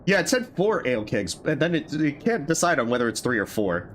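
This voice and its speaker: Brief: male streamer, casual gameplay talk, lively varied pitch, mulling decisions aloud. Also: brisk, a little hiss or hum. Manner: thinking aloud, musing over choices. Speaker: streamer playing a game.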